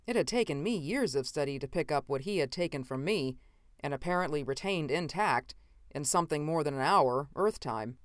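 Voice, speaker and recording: A woman narrating a science fiction audiobook in a measured, even way. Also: sits low, no room sound, clean studio sound. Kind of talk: scripted narration.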